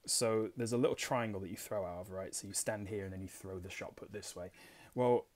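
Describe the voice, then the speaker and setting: A fairly low, slightly mellow voice at a brisk pace belongs to a young Englishman running a board game channel. In this casual solo gameplay commentary he reads rules aloud and talks about his play with self-deprecating humor.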